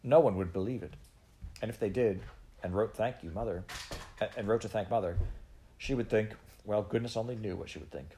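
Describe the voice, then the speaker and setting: A man narrating a storybook aloud in a measured way, with small slips. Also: fairly low pitch, warm tone, slight background noise. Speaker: audiobook reader.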